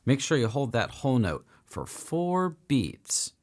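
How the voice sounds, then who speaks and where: A man's voice: mid-range voice, sing-song, a little slow. A man teaching a beginner piano lesson for children, upbeat and encouraging as he counts and sings along.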